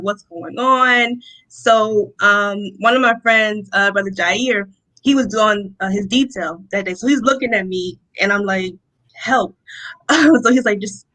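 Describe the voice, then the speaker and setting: A young woman from Rochester, New York, giving a personal testimony as an interview guest, telling her story in an animated way and acting out the lines of the people in it. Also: mid-range voice, poor audio. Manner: animated storytelling, acts out quotes, laughs often.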